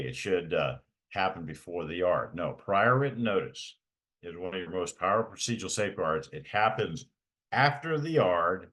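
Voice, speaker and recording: A man's voice: deep voice, a bit bright. A middle-aged man, giving a training talk for parents and repeating key points with emphasis. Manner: emphatic, repeats key points, frequent "okay?" check-ins. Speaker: parent advocate presenter. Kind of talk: training presentation.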